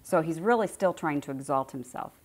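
A woman's voice: deep voice, expressive, brisk. A middle-aged woman giving an informal spiritual teaching to a group, conversational and repeating phrases for emphasis.

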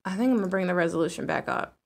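A woman game streamer chatting casually and excitedly with her live chat while setting up a game. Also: fairly low pitch, very fast, vocal fry.

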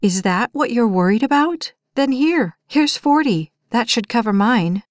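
A woman's voice: a little high, expressive, measured pace, no room sound, studio quality. A woman voicing a firm, fed-up young woman. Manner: firm and sharp, rising when pushed. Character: tired, firm young woman fending off a date.

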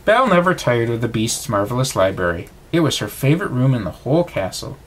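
A man reading a bedtime storybook aloud, with expressive reading. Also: mid-range voice, quick pace.

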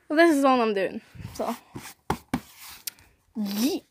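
A woman's voice: on the high side, lively intonation, takes it slowly, pauses often, slight background noise. A young woman chatting casually while drawing, rambling and making fun of herself. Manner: chatty, self-deprecating, rambling. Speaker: vlogger.

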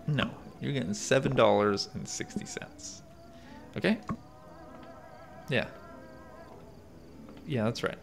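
A man's voice: medium pitch, wildly swooping pitch, slow pace, vocal fry, pauses often, a little hiss or hum. A man giving sarcastic let's-play commentary and talking back at game characters. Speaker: gaming YouTuber. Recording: game music behind voice.

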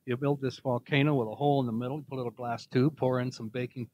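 A man's voice: medium pitch, steady tone, fast talker, darkish tone, highs cut off, a little hiss or hum. An older man co-hosting a podcast, chatting in a cheerful, rambling, folksy way. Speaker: podcast co-host. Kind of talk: casual chat.

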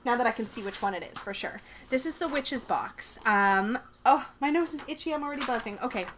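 Excitable woman vlogger, fairly high voice, gushing unboxing chat, faint hiss behind. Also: quick pace. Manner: excitable, gushing, talks to herself. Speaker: vlogger unboxing a subscription box. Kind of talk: casual unboxing chat to camera. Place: bedroom.

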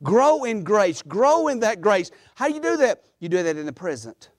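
A man's voice: high-pitched, very animated, normal speed, no echo, clean studio sound. A man preaching a sermon as pastor in a church, building emphasis through repetition.

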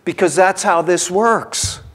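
A man's voice: high voice, takes it slowly, a bit bright. A male pastor preaching a sermon in a church, talking conversationally and driving points home by repeating them. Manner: conversational preaching with emphatic repetition. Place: church sanctuary.

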